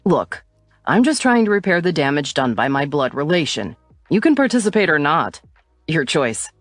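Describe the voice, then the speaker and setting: A woman's voice: sits low, big pitch swings, moderate pace, no room sound, faint music behind. A woman voicing a teasing young man. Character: teasing playful young man, a loyal friend.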